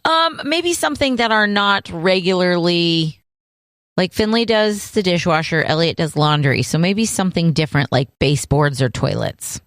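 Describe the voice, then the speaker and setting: A woman co-host with a slightly low voice, recorded close in a dry space. She talks in a relaxed, playful way, laughing often and teasing back. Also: normal speed, no echo. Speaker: podcast co-host. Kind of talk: casual chat.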